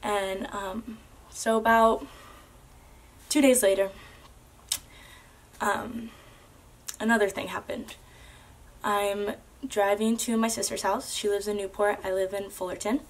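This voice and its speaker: A woman's voice: mid-range voice, flat delivery, takes it slowly, long pauses. A young woman earnestly telling a personal story to camera, casual and full of "like" and "um". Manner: earnest, with many fillers like "like" and "um".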